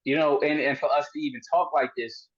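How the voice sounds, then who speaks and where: A man's voice: fairly high pitch, fairly even intonation, a little fast, slightly rough, muffled recording. A man hosting a podcast, asking long, probing questions in casual chat and often restarting his sentences. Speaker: podcast host.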